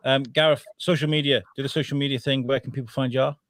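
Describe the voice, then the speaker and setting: A man from Portsmouth hosting a casual podcast, joking and animated as he tells stories. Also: medium pitch, quick pace, dry recording, studio quality. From Portsmouth, England. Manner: jokey and animated. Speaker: podcast host.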